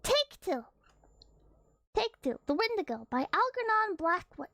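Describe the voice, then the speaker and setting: A woman's voice: extremely high pitch, very animated, unhurried, a bit bright, dry recording. A young woman streamer reading a horror story aloud between chat to viewers, flustered and giggly, stumbling over words.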